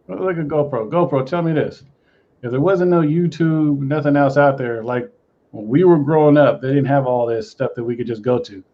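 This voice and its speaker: A man's voice: mid-range voice, normal speed, dull audio. A man co-hosting a casual chat, talking steadily, agreeing and asking questions back.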